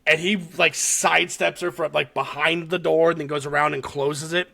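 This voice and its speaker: A man's creaky, somewhat high voice moves at a moderate pace as he co-hosts a podcast. He recaps a horror short with animation, swearing heavily and laughing while he tells it.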